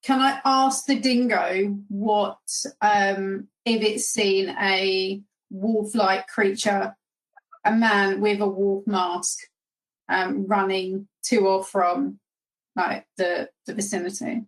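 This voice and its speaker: A woman's voice: medium pitch, flat delivery, slow pace, rough recording. A woman playing a tabletop role-playing game, describing her character's actions hesitantly with many fillers. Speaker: player.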